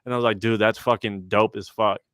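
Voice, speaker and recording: A man's voice: on the low side, steady tone, a little fast, fairly bright tone, clear, resonant tone, no room sound, clean studio sound. A young man on a casual livestream chat, telling stories in a laid-back, slangy way full of "like" and swearing. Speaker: rapper and guest.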